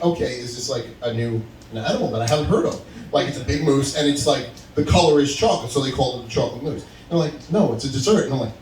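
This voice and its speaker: Animated comic man in his forties. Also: on the high side, slight background noise. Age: 40s. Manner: animated storytelling, acts out phone calls, laughs at own jokes. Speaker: stand-up comedian. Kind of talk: stand-up comedy set. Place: stage at a live open mic. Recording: roomy venue sound from a distance.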